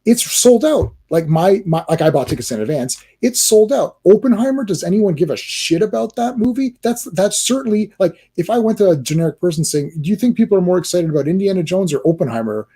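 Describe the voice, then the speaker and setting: Ranting husky man on a livestream. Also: high-pitched, quick pace, few pauses. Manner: animated, ranting, frequent restarts and filler words. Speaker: livestream host. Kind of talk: casual movie-talk livestream.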